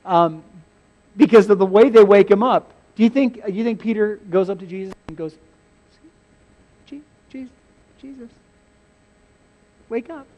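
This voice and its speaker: A man with a notably high-pitched voice delivers a sermon as an animated, humorous storyteller. He chuckles often and bursts into loud acted-out lines before dropping back to a conversational tone. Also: fairly quick, dull audio. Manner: acts out biblical scenes with sudden shouted quotes. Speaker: pastor.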